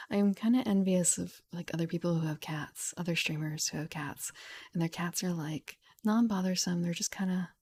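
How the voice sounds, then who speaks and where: A young woman streamer reading a game rulebook aloud at home into a studio mic, softly and half-whispered, with chatty asides. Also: lowish voice, moderate pace, slightly rough. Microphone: studio mic with pop filter.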